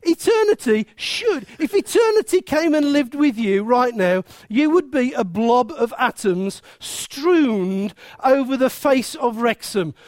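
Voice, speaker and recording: In full sermon, a preacher speaks emphatically and playfully, scattering rhetorical questions throughout at an unhurried, deliberate pace. His high voice is expressive with a darkish tone. The recording is close and dry, with no room sound.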